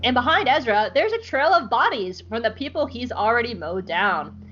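A woman co-hosting a podcast, recapping an episode in an animated, profane, joking way. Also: on the high side, moderate pace, highs cut off. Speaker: podcast co-host.

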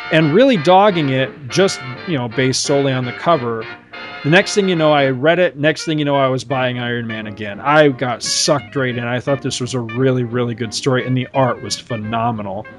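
A man co-hosting a podcast in casual chat, rambling through stories with lots of fillers and asides. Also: mid-range voice. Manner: rambling, animated storytelling with many fillers. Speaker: podcast co-host.

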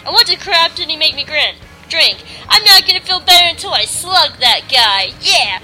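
A woman voicing a feisty, indignant young woman heroine in a huffy, shrill manner. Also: wildly swooping pitch, slow, full character voice, low-quality recording. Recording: music playing behind.

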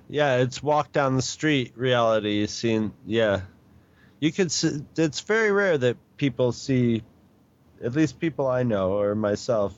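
A man in casual chat, relaxed, agreeing quickly and laughing along. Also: mid-range voice. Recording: dry dull lo-fi audio.

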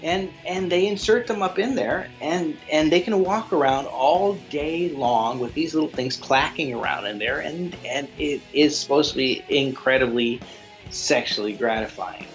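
A man co-hosting a podcast, telling a crude story in a rambling, animated way with lots of restarts. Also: on the high side, normal speed, soft background music. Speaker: podcast co-host. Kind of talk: casual chat, storytelling.

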